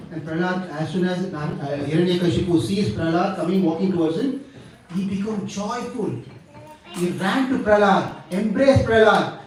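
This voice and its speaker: A man telling a devotional story in an animated, dramatic sermon. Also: sits high, a little hiss or hum. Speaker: preacher. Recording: echoey hall from far off.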